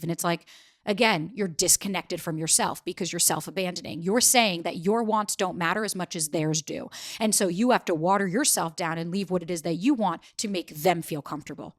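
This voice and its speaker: A woman in her thirties, a dating coach answering podcast questions, animated and acting out quoted dialogue. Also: lowish voice, a little fast.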